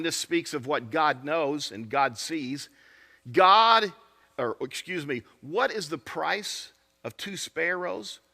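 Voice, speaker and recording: A man's voice: on the high side, vocal fry, bright, forceful tone. A man preaching a sermon as pastor, earnest and asking his congregation questions. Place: church sanctuary.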